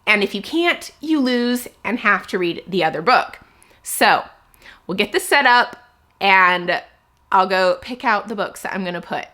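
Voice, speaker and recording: A young adult woman book vlogger chatting casually at home, excitable and nervous as she plays a card game. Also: mid-range voice, unhurried. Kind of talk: casual vlog chat.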